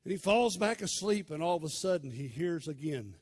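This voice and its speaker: A male pastor tells a scripture story from the pulpit with a raised, husky voice. His delivery is dramatic and storytelling, dropping from loud swells to hushed stretches. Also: a little high, expressive, a little fast, few pauses. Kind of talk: sermon.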